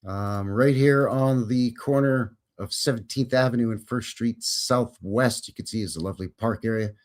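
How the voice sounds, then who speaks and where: A man's voice: medium pitch, normal speed. A Canadian man hosting a live stream in a folksy, jokey, casual way. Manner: folksy, jokey, greets viewers by name. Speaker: host.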